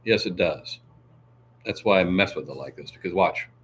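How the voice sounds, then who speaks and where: A man with a lowish voice hosts a relaxed livestream, reading out viewer comments and joking around, laughing often and dropping plenty of fillers. A faint hum sits under his voice. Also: normal speed. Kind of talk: casual livestream chat.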